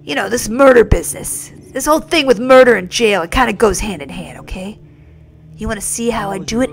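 A woman's voice: fairly high pitch, brisk, soft background music. A woman streaming a video game, joking playfully and chatting with her viewers. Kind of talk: casual live-stream commentary.

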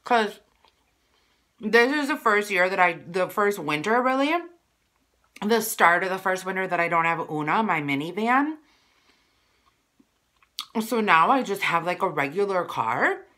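A woman vlogger talks to her viewers in a casual, rambling way, pausing to chew and hum over her food. Her voice is bright and forward, with a middle pitch. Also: animated. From Wisconsin. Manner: chatty and rambling, eating on camera. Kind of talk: casual mukbang vlog chat.

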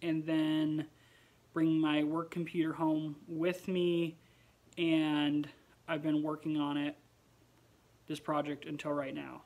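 A man's voice: a little high, takes it slowly, pauses often. A tired young man vlogging from home late at night, chatting expressively and sighing often. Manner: chatty and expressive, with frequent sighs. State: tired, yawning. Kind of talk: casual late-night vlog chat.

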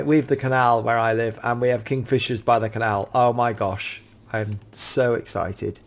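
A middle-aged man, gasping and gushing with excitement while commenting on a game at home. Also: fairly high pitch, a little hiss or hum. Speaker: Minecraft YouTuber showcasing mods. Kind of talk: casual gameplay commentary.

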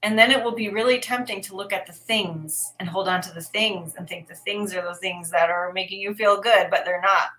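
A woman co-hosts a livestream in a bright, crisp voice. She greets viewers from the chat and gives upbeat, gentle advice in a casual way. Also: mid-range voice, steady tone, fairly quick, hardly any pauses. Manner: upbeat, reads chat aloud, gently coaching.

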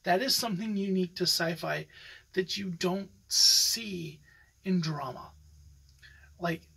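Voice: mid-range voice, slow pace, vocal fry, bright, forceful tone, husky, rough recording. A podcast host talking in a casual, opinionated way, rambling with many fillers and restarts. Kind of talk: casual solo podcast commentary.

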